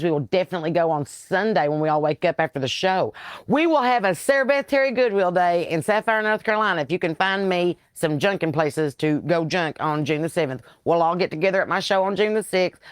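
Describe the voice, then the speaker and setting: A woman with a Southern US accent, a comedian hosting a casual live chat and telling rambling stories, full of lively quoted voices. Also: on the low side, dry recording, studio quality. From American South. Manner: rambling, chatty storytelling with animated quoted voices. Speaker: comedian and podcast host.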